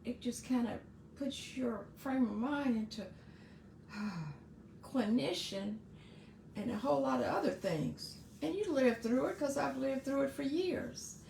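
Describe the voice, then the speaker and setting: A chatty, earnest middle-aged woman talks straight to parents in her own podcast. Her voice sits a bit high and carries a gravelly fry. The room around her rings with echo, and a faint noise lies underneath. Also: animated, measured pace, darkish tone. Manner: chatty, earnest, restarts and asides. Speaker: podcast host. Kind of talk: casual advice monologue.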